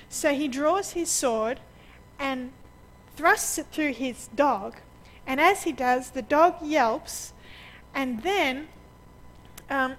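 Woman preacher with a high voice, chatty storytelling sermon, laughs a lot. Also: slight background noise, rough recording. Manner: lively anecdotal storyteller who laughs often.

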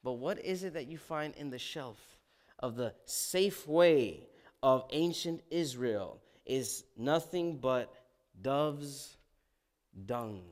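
A male pastor preaching a sermon, animated, asking the congregation questions and acting out the scripture. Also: mid-range voice. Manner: animated, asks the congregation questions, dramatizes quotes.

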